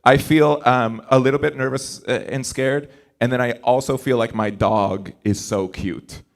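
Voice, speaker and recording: Guy doing stand-up crowd work on a conference stage, rambly and eager, mid pitch voice. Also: fairly even intonation, vocal fry. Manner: chatty, rambling, quick restarts and asides; eager, coaxing the audience to join in. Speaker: comedian.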